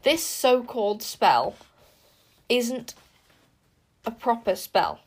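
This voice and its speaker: A woman's voice: on the high side, sing-song, very slow, heavily acted. A woman voicing a contemptuous, imperious warrior queen in a storybook reading, cutting and cold. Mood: grim. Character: scornful, imperious middle-aged warrior queen.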